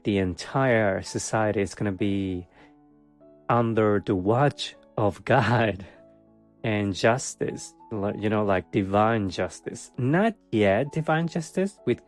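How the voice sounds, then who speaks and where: Slow, low-voiced male tarot reader. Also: soft background music. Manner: rambling, filler-heavy, chuckles often; wry, self-mocking sarcasm. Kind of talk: casual monthly tarot reading.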